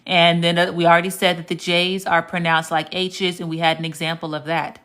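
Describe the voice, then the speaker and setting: A woman teaches Spanish on a live stream in a fairly low voice. She is patient and clear and says each example word slowly, more than once. Now and then she stops to read out a viewer's comment and answer it. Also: flat delivery, a bit bright. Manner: reads viewer comments aloud and answers them. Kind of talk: live-stream language lesson.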